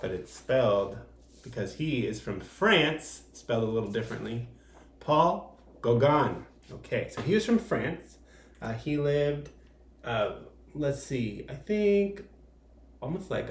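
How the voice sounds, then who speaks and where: Male art teacher, mid-pitched, patient, step-by-step delivery for young children; reverberant room. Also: expressive, a little slow, slight background noise. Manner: patient step-by-step explaining with fillers.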